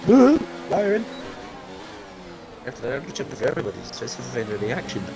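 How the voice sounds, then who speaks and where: A man's voice: mid-range voice, expressive, racing. A man commentating live on a sim race with a strained, fading voice and frequent startled exclamations. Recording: noisy stream audio with engine sound.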